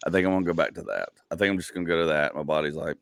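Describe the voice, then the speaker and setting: A man's voice: rumbling low, racing, vocal fry, dry recording. A man in his forties hosting a casual comedy podcast, telling rambling stories full of "like" and acted-out asides. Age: 40s. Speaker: podcast host.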